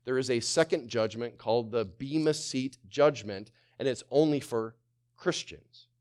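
A male pastor preaching a sermon, swinging from loud to hushed, firing rhetorical questions and calling on the congregation to answer. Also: mid-range voice, a little slow. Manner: asks many rhetorical questions.

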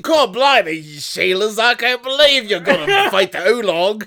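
A man voicing a goofy Australian man in a mock Australian accent, loud and over the top with slang and laughing as he goes. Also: high-pitched, sing-song, normal speed, voice pushed up, exaggerated voice.

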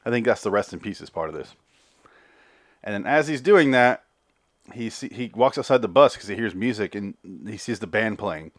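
A man's voice: lowish voice, expressive, moderate pace, no room sound, studio quality. A man hosting a podcast, recapping an episode in a rambling, offhand way with some swearing. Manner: rambling, profane, self-interrupting. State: slightly out of breath. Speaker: podcast host.

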